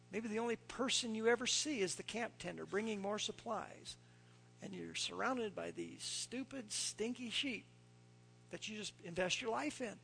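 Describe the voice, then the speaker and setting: A man preaching a sermon, telling folksy stories and dropping to a hushed near-whisper when he quotes scripture. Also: sits high, creaky, slight background noise. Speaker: pastor.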